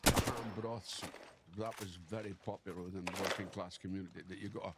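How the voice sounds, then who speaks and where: A man's voice: low-pitched, fairly even intonation, fast talker. Chatty Scottish man telling stories. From Dundee, Scotland. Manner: chatty storytelling, amused. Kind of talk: casual chat. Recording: loud background noise.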